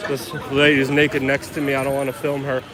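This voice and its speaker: A man's voice: medium pitch, completely flat delivery, brisk, a crowd in the background. A man reporting live on the scene as an independent reporter, shaken and exclaiming over and over while filming with a handheld camera outdoors. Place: outdoors on a city street. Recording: loud street noise outdoors.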